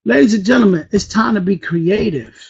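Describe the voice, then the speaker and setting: A man giving a motivational business training talk, hyped and high-energy, firing questions at his audience like a preacher. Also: brisk, gravelly, breathy edge, lo-fi sound. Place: Philadelphia.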